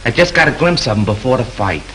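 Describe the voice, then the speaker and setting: In a 1930s film, an actor plays a chatty night bellhop who gossips his way through a slangy account of a fight. His medium-pitched voice is animated, quick, pushed and bright. The rough recording carries slight background noise.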